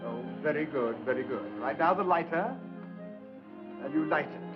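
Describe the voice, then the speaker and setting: An actor playing a fussy, pompous screen-test director who coaxes briskly and condescendingly. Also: male voice, a little high, lightly acted. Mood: coaxing. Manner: brisk, condescending, "old boy" coaxing. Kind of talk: 1940s film acting. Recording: dull old film soundtrack with music.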